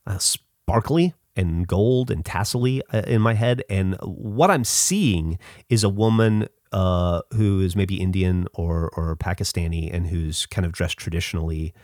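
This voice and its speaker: Deep-voiced middle-aged guy telling a spooky story, lots of uhs and likes, swears a bunch, dry close sound. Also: a little mellow, no echo. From Southern United States. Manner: halting, many fillers and restarts, swears freely. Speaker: podcast host. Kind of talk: casual storytelling monologue.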